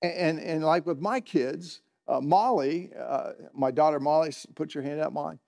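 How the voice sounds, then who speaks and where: High-voiced middle-aged pastor preaching. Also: male voice, normal speed, creaky, a little mellow. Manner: conversational, asks the congregation questions, chuckles often. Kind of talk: sermon. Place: church in front of a congregation.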